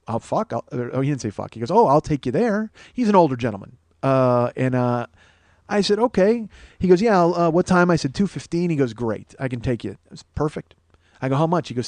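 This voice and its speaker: A man's voice: mid-range voice, a little mellow, no room sound. A man in his forties, a comedian and podcast host, telling a profane story in a casual monologue and acting out the quoted dialogue. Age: 40s.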